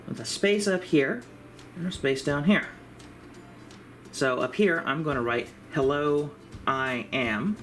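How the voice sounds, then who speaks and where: Calm man teaching a craft. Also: a little high, slow pace, pauses often, slight background noise. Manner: calm, explanatory, step-by-step. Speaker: library craft instructor. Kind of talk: craft tutorial.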